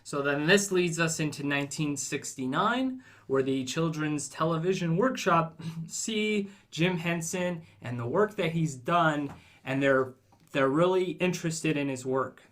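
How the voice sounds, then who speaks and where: A man co-hosting a podcast, talking in a relaxed, conversational way with frequent fillers. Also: a little high, measured pace. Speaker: podcast co-host. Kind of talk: casual chat.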